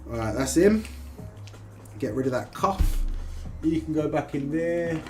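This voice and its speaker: A man chatting casually and excitably on a live stream from his kitchen, swearing freely as he talks. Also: on the high side, unhurried, faint music behind. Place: home kitchen.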